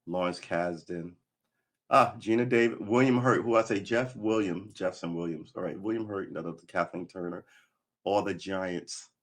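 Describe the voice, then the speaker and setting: A gruff man with a lowish voice rambles through a live-stream chat. He thinks out loud, drifts from topic to topic and swears freely. His tone is blunt and offhand, like he's talking to himself as much as to viewers. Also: moderate pace. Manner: rambling, profane, thinks aloud and talks to himself. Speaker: livestreamer practicing guitar.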